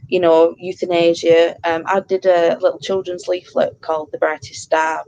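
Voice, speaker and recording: Woman, 30s, counsellor type; heartfelt interview talk, gravelly fry, lots of restarts. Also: lowish voice, warm tone, rough recording. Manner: earnest, heartfelt, with many fillers and restarts. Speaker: pet bereavement counsellor. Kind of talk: interview conversation.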